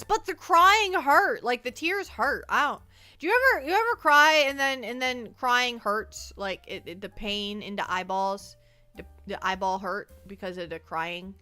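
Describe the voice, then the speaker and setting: Bright, lively woman streamer rambling. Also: fairly high pitch, a little slow, no echo, faint music behind. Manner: rambling, repeats words, reacts to chat. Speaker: livestreamer. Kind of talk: casual livestream chat.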